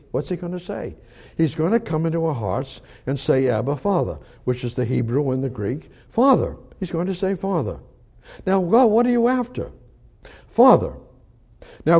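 A man preaching a sermon, firing rhetorical questions and repeating phrases for emphasis, swinging between loud declarations and low murmured asides. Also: gravelly, husky.

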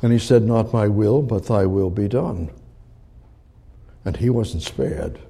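An older man preaching a sermon as pastor, with a gravelly voice, acting out crowd quotes. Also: fairly low pitch, takes it slowly, dark tone.

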